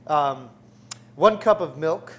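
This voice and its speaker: Slow and animated, with a fairly high pitch, this cooking show host walks through a recipe step by step in a studio kitchen. His on-air demonstration is upbeat and full of jokes.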